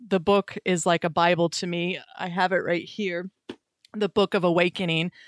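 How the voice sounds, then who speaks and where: A woman's voice: on the low side, flat delivery, moderate pace, dry recording, studio quality. A woman hosting an interview, earnest and enthusiastic, with frequent fillers and restarts. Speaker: podcast host.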